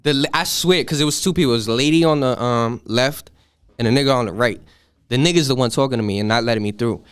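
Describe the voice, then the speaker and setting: An eighteen-year-old man excitedly telling a profane story, acting out the voices of the people in it. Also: mid-range voice, quick pace, clean tone, no echo. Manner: animated, profane, acts out voices in his story. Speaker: podcast guest. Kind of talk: casual storytelling.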